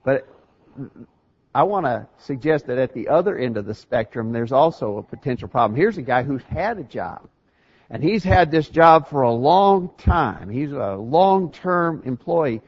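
A man's voice: medium pitch, lively intonation, a little slow, slightly rough. Earnest male preacher, slightly muffled. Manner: earnest, emphatic, with many restarts. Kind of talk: sermon.

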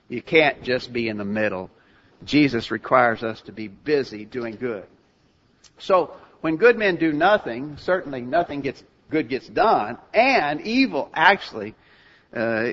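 An older male preacher delivers a sermon in an earnest, conversational manner and often turns to his listeners with questions. His voice sits a little high for a man. The recording is muffled and lo-fi. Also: fairly bright tone.

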